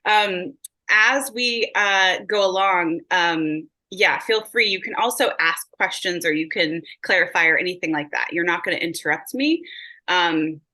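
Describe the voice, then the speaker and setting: A woman's voice: lowish voice, unhurried, pushed and bright, poor audio. A woman working as a psychic medium in a reading session, bubbly and gushing, full of filler words.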